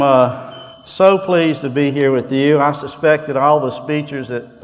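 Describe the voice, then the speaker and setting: Folksy Southern man in a hall. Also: medium pitch. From Texas. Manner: folksy and joking, with fillers and restarts. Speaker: guest speaker. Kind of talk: humorous chapel talk. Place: large hall. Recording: hall reverb.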